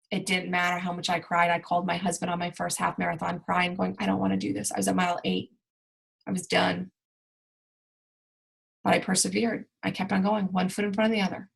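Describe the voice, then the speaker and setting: A woman's voice: fairly low pitch, creaky, rough recording. A woman in her thirties giving an earnest, emphatic motivational talk to her team. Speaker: team leader.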